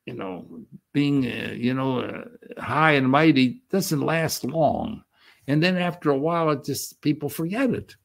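Gravelly older man preaching slowly. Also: on the high side. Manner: unhurried, halting with frequent restarts and fillers; reads quoted verses with slow emphatic stress. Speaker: pastor. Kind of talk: sermon, reading and explaining scripture.

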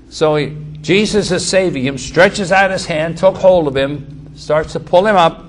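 A man's voice: on the high side, measured pace, slight background noise. A man preaching a Bible-teaching sermon, emphatic and repetitive, often restarting his phrases.

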